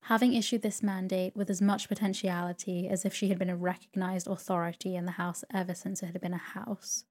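A woman narrating a classic novel as a bedtime sleep story in a calm, measured reading voice. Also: fairly low pitch.

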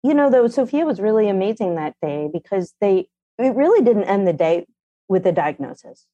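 A middle-aged woman, a mother and parenting columnist, telling a family story candidly with animated, blunt speech and casual swearing. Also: medium pitch, moderate pace, no room sound. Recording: dull, dry sound.

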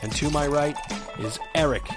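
A man hosting a casual podcast, teasing his friends and announcing with loud flourishes. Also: on the high side, moderate pace, over music. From Staten Island. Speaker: podcast host. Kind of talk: casual chat.

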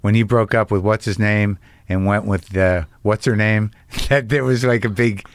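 A man's voice: on the low side, fairly even intonation, normal speed, slight background noise. A man hosting a casual conversation, teasing and rambling with a wry edge. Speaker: podcast host. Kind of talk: casual chat.

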